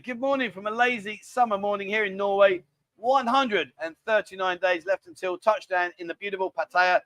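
A man's voice: sits high, normal speed, a bit bright, dry recording. A man hosting a live stream, rambling and bantering casually as he reads out viewer comments. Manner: rambling, chatty, cheeky banter. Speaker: livestream host.

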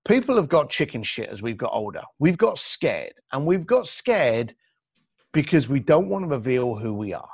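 A man's voice: mid-range voice, moderate pace, vocal fry, slightly rough, dry recording, studio quality. A man, a podcast guest, talking bluntly and acting out other people's lines. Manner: blunt, animated storyteller who acts out quotes. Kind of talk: podcast interview.

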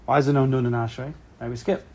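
A man's voice: mid-range voice, level tone, quick pace, warm tone, slight background noise. A man teaching a small study group in a casual, joking way, drifting into side stories and mixing Hebrew terms into his English. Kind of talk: casual text study class.

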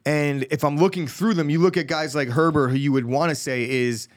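A young man co-hosting a casual sports chat, relaxed, reading out betting odds and giving confident opinions. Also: fairly high pitch, a little fast. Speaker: podcast co-host.

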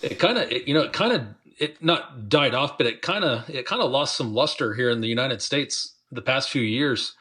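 A man's voice: medium pitch, lively intonation, normal speed, few pauses, sharp tone, slightly rough. A man co-hosting a casual sports podcast, talking in a laid-back way with short replies. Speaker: podcast co-host.

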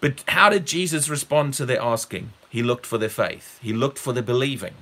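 A man preaching a sermon, emphatic and repetitive, jumping up on key phrases and dropping low for quick asides. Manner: emphatic, repeats words, rises sharply on key phrases; drops low and quiet for asides.

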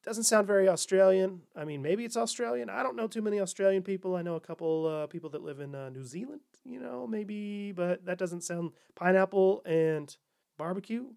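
Sarcastic high-voiced man riffing. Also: a little fast, vocal fry. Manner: sarcastic, mock-corporate voices, animated. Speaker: podcast host. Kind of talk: satirical comedy monologue.

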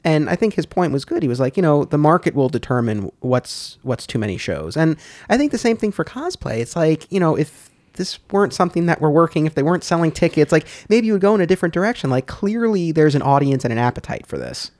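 A podcast host talking in a relaxed way, thinking aloud as he chats. The pitch moves a lot from word to word. The recording is dry and close. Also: fast, few pauses, no room sound. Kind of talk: casual podcast chat.

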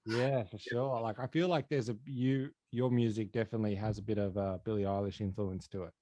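A man's voice: lowish voice, steady tone, a little fast, mellow, no echo. A man hosting a podcast, chatting casually with lots of fillers. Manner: rambling, many fillers and restarts. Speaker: podcast host. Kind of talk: casual interview chat.

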